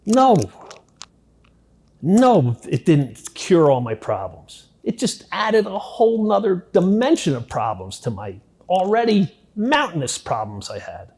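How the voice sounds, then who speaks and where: A middle-aged man giving an interview, telling his story bluntly and with a lot of profanity, dropping to a hush at some moments and growing loud and intense at others. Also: sits high, very animated, a little slow, hardly any pauses, slightly rough. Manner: blunt, profane, intense retelling that swings between hushed and loud. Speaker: interviewee recounting his past. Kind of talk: first-person storytelling in an interview.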